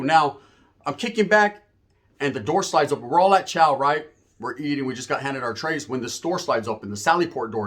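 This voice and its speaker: A man with a slightly high voice tells a story in casual, streetwise talk. He swears freely, drops slang and keeps checking in with "right?" He slips into the voices of the people he describes. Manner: profane, animated, acts out the voices of people in his story. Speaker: storyteller guest.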